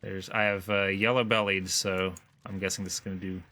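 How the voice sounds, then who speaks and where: A man's voice: sits low, level tone, brisk, bright, forceful tone, slight background noise. A man talking casually and thinking aloud while playing a co-op video game. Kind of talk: casual gameplay chat.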